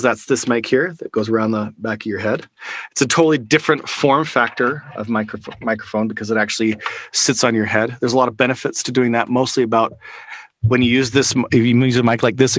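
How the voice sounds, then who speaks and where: A man's voice: mid-range voice, a bit bright, dry recording. A man teaching a live online workshop, talking casually with fillers and restarts into a close microphone over a video call. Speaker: workshop instructor. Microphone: studio microphone close up, over a video call.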